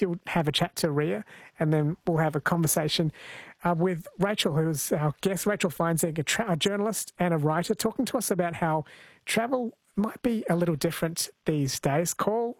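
Aussie radio host guy, kinda high voice, brisk, dry studio sound. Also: no echo. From Australia. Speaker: radio talk show host. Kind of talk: radio talk show hosting.

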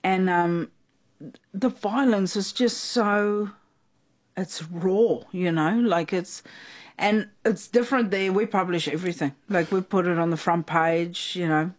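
A South African woman, a guest in a conversation, telling stories in an animated way, acting out quotes and laughing often. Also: fairly low pitch, a little slow. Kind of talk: conversational storytelling.

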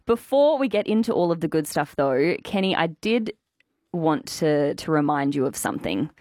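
A woman's voice: low voice, lively intonation, normal speed, warm tone, dry recording. A woman, a young radio host, chatting in a teasing and giggly way in a studio. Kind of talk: casual radio chat. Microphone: studio mic.

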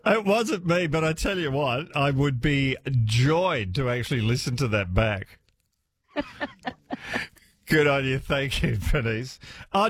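A man's voice: mid-range voice, slightly rough. A man hosting a talkback radio show, chatting with callers and laughing often. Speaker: radio host. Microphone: studio microphone.

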